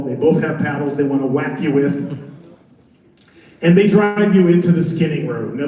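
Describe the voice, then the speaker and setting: High-voiced man presenting in an echoing hall. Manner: animated, joking storyteller. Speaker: haunted attraction designer on a panel. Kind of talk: convention panel presentation. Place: large convention center hall. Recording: echoey convention hall from far off.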